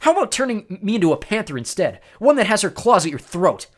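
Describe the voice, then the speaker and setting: Guy doing a fierce teen girl, sharp and defiant, slightly raised voice. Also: high-pitched, sing-song, quick pace, voice pushed up. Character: fierce, quick-witted teenage girl warrior. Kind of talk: storybook reading.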